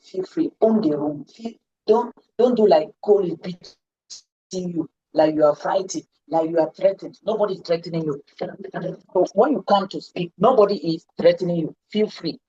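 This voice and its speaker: A woman's voice: on the low side, normal speed, dark tone, lo-fi sound. A woman coaching public speaking in a live online lesson, stressing and repeating her key words. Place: indoors, seated.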